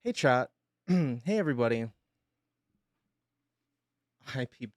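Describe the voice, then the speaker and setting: A male streamer who is sick with pneumonia makes an emotional announcement, halting and hesitant as he holds back tears. His mid-range voice is a little mellow, with no echo.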